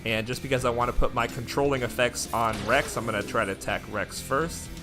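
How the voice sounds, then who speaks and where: A man giving excited live commentary while playing a mobile game, chatting with his viewers as he goes. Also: medium pitch, brisk, music in the background.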